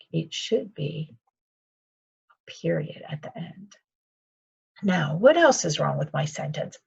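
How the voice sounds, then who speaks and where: Husky slow-talking kindergarten teacher woman. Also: low-pitched, muffled recording. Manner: slow, patient, sing-song teacher talk, calls herself by her surname. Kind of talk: remote video lesson for young children.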